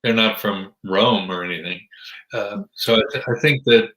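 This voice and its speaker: A man's voice: lowish voice, moderate pace, fairly bright tone, echoey room, rough recording. A man with a Midwestern American accent, a ministry guest chatting in an interview with dry, joking wit. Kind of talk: casual interview chat.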